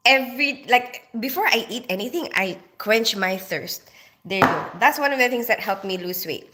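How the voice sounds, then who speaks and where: A woman with a fairly high, bright, forceful voice. She chats casually with viewers on a livestream, wandering off on asides and laughing a lot. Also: slight background noise. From Philippines. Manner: chatty, laughs often, rambling asides. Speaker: nurse and livestream host reading viewer comments.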